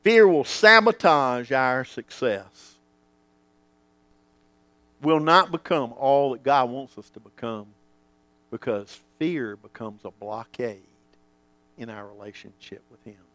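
Male pastor, slow deliberate sermon delivery, big dynamic swings, dry close mic. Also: no room sound. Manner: dramatic swings from booming to hushed, acts out quoted voices.

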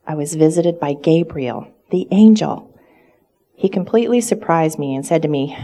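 A woman's voice: fairly low pitch, expressive, normal speed, warm tone. A woman performing a first-person dramatic monologue, earnest and full of reverent wonder. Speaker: storyteller in character.

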